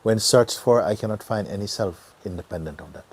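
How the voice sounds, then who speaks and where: A middle-aged man giving a gentle satsang talk as a spiritual teacher, often dropping to a near whisper and laughing easily. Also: lowish voice, a little fast, breathy edge. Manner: laughs easily, joyful and earnest.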